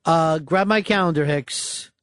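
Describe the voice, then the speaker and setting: A man's voice: a little high, a little slow, fairly bright tone, smooth. A man hosting a radio show, teasing and needling his co-host in casual studio banter.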